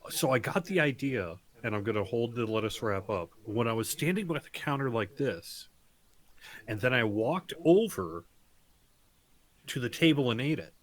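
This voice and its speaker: A man's voice: on the low side, animated, moderate pace. A man playing a tabletop game in casual talk, rambling and jokey. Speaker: player.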